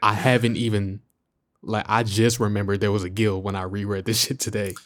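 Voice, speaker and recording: A man with a lowish voice trades opinions casually and pushes back with skeptical counterpoints, cursing offhand. His voice is dry and close, with no room around it. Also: flat delivery, fairly quick, no room sound. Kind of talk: casual chat.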